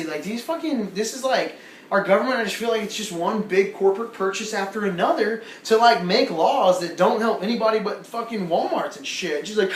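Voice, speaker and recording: A man's voice: sits high, fairly quick, slight background noise. Profane, rambling stand-up comic man. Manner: profane, rambling, animated storytelling. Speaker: stand-up comedian. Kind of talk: stand-up comedy set. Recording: echoey room with faint ambience.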